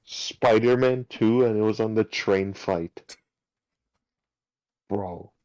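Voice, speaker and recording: A young man chatting casually with a friend on a stream, drawn-out and enthusiastic. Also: on the low side, darkish tone, no echo, lo-fi sound. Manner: drawn-out, enthusiastic about games and films. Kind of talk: casual chat.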